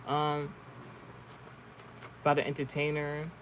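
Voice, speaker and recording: A man's voice: fairly high pitch, completely flat delivery, slow, a bit bright, slight background noise, low-quality recording. A man telling a story in casual, rambling talk, swearing often and restarting his sentences, as an online streamer. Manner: rambling, profane, many restarts. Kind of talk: casual storytelling and card reading.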